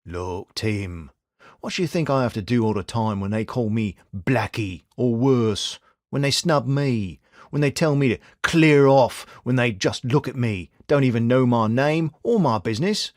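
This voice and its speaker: Man as a wry, steady detective. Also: mid-range voice, a little slow, dry recording, clean studio sound, lightly acted. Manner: blunt, wry and reassuring. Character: shrewd, steady young male detective partner.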